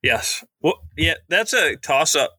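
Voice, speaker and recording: A man's voice: on the high side, very animated, takes it slowly, sharp tone, husky, dry recording, studio quality. A man from Ohio, hungover, co-hosting a podcast in casual chat with terse, laconic short answers. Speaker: podcast co-host.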